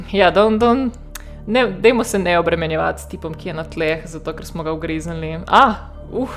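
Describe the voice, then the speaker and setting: A woman's voice: lowish voice, fairly quick, soft background music. A woman with a Slovenian accent, reading game text aloud and adding wry, sarcastic asides as she streams.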